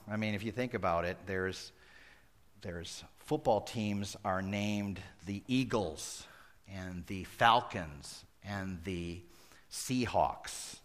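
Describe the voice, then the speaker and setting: A man preaching a sermon, moving from folksy asides to loud emphatic peaks and dropping to near-whispers. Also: fairly low pitch. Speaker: pastor.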